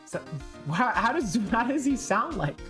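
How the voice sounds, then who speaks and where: A woman's voice: fairly high pitch, very animated, unhurried, fairly bright tone, faint music behind. A woman streamer chatting casually during a game playthrough, talking in a self-deprecating way and restarting her sentences often. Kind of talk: casual live game commentary.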